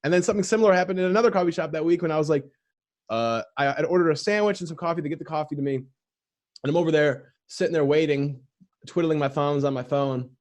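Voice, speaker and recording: A man with a higher, slightly mellow voice hosts a podcast at a fast clip. He rambles through casual anecdotes with fillers and restarts, imitating the characters he mentions.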